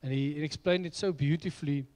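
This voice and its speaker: A man's voice: a little high, steady tone, fairly quick, a little mellow. A middle-aged man preaching a sermon, telling personal stories in an earnest way. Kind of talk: sermon with storytelling.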